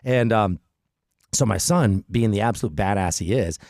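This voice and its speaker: A middle-aged man hosting a podcast, telling a story in an animated, chatty way with frequent restarts. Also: on the low side, normal speed, dry recording, clean studio sound. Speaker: podcast host. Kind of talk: casual storytelling chat.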